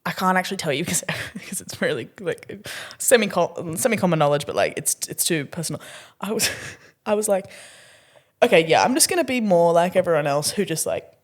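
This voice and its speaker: A young woman from Australia co-hosting a podcast, chatting casually and acting out quotes with sudden pitch jumps and laughter. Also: expressive, a little fast. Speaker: podcast co-host, comedian. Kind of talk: casual chat.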